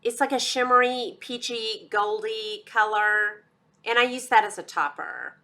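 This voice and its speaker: A woman's voice: fairly high pitch, a little slow, bright, forceful tone. A woman with a Texas accent giving a chatty, enthusiastic makeup review, calling her viewers y'all. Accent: Texan. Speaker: beauty vlogger. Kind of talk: casual product review.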